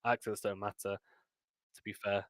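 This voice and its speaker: Between points on his live tennis stream, a British-accented man casually chats and reads comments from viewers, then his excitement climbs as he calls each rally. His voice is fairly low and moderately paced, with no room sound.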